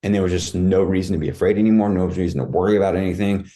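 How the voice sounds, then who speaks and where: A man's voice: deep voice, steady tone, very fast, dark tone. A man guest on a podcast, telling a personal story in casual talk, acting out his own cries and thoughts and saying "dude" and "like" a lot.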